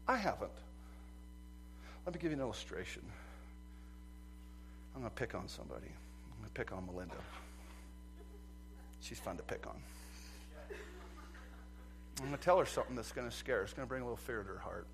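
Lively preaching man, animated swings. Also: mid-range voice, brisk, creaky, pauses often, slight background noise. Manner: lively preaching that swings from quiet to loud emphasis; acts out courtroom scenes in quoted voices. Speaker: pastor. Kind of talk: sermon.

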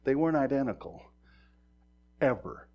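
A middle-aged man preaching a sermon in a conversational way, acting out quoted voices and moving from quiet talk to loud emphasis. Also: medium pitch, animated, moderate pace, lo-fi sound. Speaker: pastor.

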